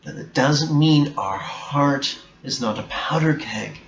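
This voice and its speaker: A man giving a reflective spiritual talk as a meditation teacher, slow, deliberate and bluntly emphatic. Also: mid-range voice. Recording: echoey room, dull sound, faint hiss.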